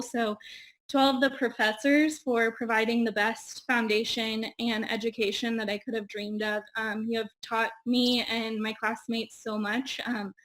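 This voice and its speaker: A woman's voice: on the high side, fairly bright tone. Young woman, graduate thank-you speech, teary, fillers, video call. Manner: many ums, getting teary. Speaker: graduating audiology student.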